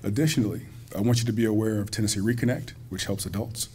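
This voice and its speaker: A man's voice: on the low side, fairly even intonation, fast talker, mellow, slight background noise. A man speaking as a college president at a community banquet, folksy and joking, talking directly to the audience. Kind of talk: public speech at a banquet. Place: school hall at a banquet.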